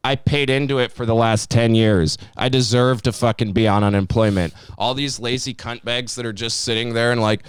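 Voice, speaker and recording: Podcast co-host, man, 20s: smooth clear voice, dry close mic, angry profane rant. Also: medium pitch, steady tone, moderate pace, few pauses, no echo. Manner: heated, profane, mocking put-on voices. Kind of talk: profane ranting podcast talk.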